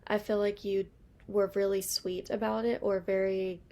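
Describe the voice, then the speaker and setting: A woman's voice: medium pitch, level tone, normal speed, mellow. A young woman giving a casual, rambling tarot reading to her viewers. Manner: chatty, rambling, lots of fillers. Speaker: tarot reader.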